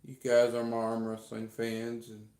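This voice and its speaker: Slow, rambling man in an echoey room. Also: medium pitch, completely flat delivery, darkish tone. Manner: rambling and repetitive, full of fillers; earnest, heartfelt thanks to fans. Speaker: livestreamer. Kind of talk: casual livestream chat to viewers.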